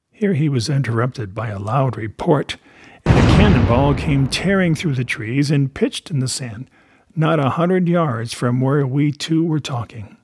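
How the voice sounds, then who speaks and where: A man giving a measured, steady audiobook narration of a classic adventure novel. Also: medium pitch, slightly rough, dry recording, clean studio sound.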